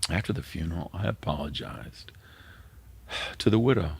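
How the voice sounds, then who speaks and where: A middle-aged man, a pastor, preaching a sermon in an earnest way and sometimes dropping to a hushed near-whisper. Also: low voice, expressive, normal speed, gravelly, slightly rough.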